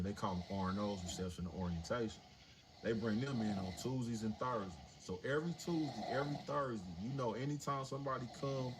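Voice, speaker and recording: A man in his forties telling a story casually and animatedly on a livestream, swearing freely. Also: low-pitched. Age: 40s. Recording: noisy livestream audio.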